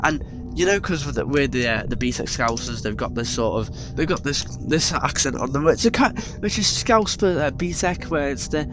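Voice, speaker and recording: A man's voice: medium pitch, animated, normal speed, over music. A British man narrating an exasperated, sweary rant. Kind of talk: ranting commentary.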